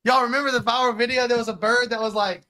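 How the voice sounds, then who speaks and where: An excitable male podcast co-host with a notably high voice, laughing his way through stories. The recording is dry and close. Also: fast, no room sound. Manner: laughs often, excitable storyteller. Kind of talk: casual podcast chat.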